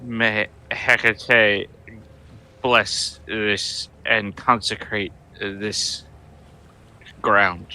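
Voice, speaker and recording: A man's voice: on the low side, steady tone, bright, forceful tone, clean tone, exaggerated voice. Gorbin, a man's weary cleric voice. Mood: exasperated. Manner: exasperated, slow. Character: gruff male cleric, weary and pious.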